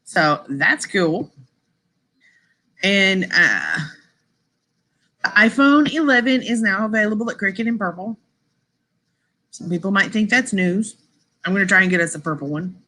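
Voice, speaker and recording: Bright-voiced chatty woman streamer. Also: mid-range voice, lively intonation, a little slow, pauses often. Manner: chatty, rambling, laughs often, says y'all. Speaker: live stream host. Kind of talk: casual live stream chat with viewers.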